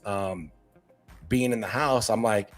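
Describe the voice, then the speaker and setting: A middle-aged man from Hawaii telling casual stories about his life, animated and acting out what his family said. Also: lowish voice, slow, faint music behind. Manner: animated, acts out family quotes. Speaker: podcast guest. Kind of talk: casual storytelling chat.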